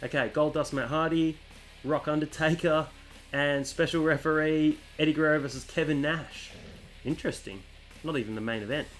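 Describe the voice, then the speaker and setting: A man's voice: a little high, fairly even intonation, normal speed, fairly bright tone, faint music behind. A man hosting a casual let's-play, chatting through menus and reading the on-screen text aloud. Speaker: gaming channel host.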